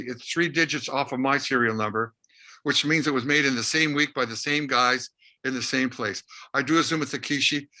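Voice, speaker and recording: An older man from Canada, a rock musician interviewed as a guest, telling a long anecdote in a lively way and acting out the dialogue. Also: medium pitch. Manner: lively anecdotal storyteller, acts out quoted dialogue. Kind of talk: animated storytelling.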